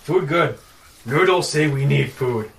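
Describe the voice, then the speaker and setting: A man's voice: medium pitch, vocal fry, voice pushed up. A man putting on dim brutish giants. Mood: gruff, dim. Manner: broken grammar, slow and loud. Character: dim, crude male giants talking in broken speech. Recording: roomy, distant mic, faint noise.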